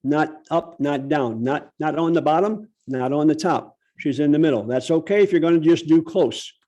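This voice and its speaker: Male workshop presenter, slightly high voice, demonstrative teaching delivery, video-call sound. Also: dark tone, dull audio. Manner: demonstrative, slows down to stress key words. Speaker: public speaking workshop presenter. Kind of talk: instructive online workshop talk.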